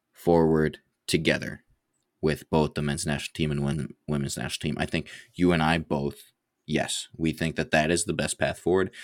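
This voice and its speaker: Very deep-voiced man, dry close sound. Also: no room sound. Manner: teasing, energetic, picks up volume on points. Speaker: podcast co-host. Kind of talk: casual chat.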